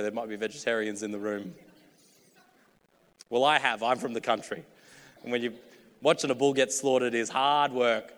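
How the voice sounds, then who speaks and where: A man's voice: medium pitch, fairly bright tone, long reverb tail. A man preaching a sermon in a casual, joking, chatty way.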